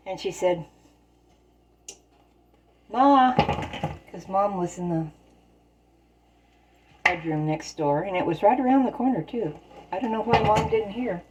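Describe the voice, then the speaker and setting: A woman's voice: mid-range voice, normal speed, long pauses, noisy background. A woman telling folksy stories in plain, rural turns of phrase while she bakes in her home kitchen. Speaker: storyteller and home baker. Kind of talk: casual spoken storytelling while baking.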